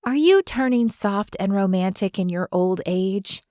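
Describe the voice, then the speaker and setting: A woman narrator voicing a gentle, grieving old man near eighty who talks in a slow, wistful way. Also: medium pitch, lively intonation, no echo, clean studio sound, close to an everyday voice. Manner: slow, wistful, fond teasing.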